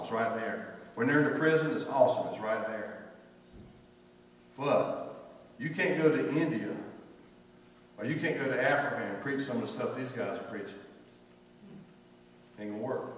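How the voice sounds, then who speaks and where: Male pastor, emphatic and digressive; roomy church echo, distant mic, faint hiss. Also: mid-range voice. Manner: rambling, conversational, emphatic with storytelling asides. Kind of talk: informal sermon at a weeknight service. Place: church sanctuary. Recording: echoey church hall, mic from far off.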